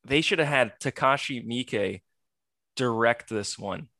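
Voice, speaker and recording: A man guesting on a casual film review podcast, rambling and excitable, swearing freely. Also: medium pitch, unhurried, dry recording.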